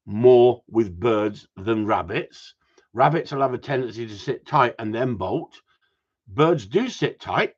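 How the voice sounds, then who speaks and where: A man's voice: mid-range voice, highs cut off. A middle-aged man answering viewers' questions about gundog training, blunt and rambling, swearing casually. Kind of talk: live stream Q&A chat.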